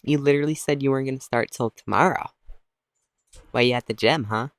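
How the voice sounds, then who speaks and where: A man's voice: mid-range voice, fairly quick, natural voice. A man voicing a weird, suspicious woman who lives in his phone and scolds him. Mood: nagging.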